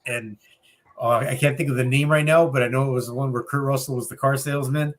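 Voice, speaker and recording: A man's voice: medium pitch, fairly even intonation, fast talker. A man on a live shop-talk panel, easygoing, telling stories and laughing. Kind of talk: casual shop talk livestream.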